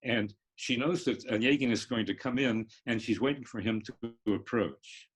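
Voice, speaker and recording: An older man, a literature professor, explaining in a halting lecture style with many pauses and restarts. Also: mid-range voice. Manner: halting, many fillers and restarts, sings rhythms. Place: online live stream.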